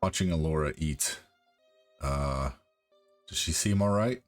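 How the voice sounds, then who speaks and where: A man's voice: rumbling low, unhurried, faint music behind. A man playing a tabletop game, asking questions and describing his character's actions. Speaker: player.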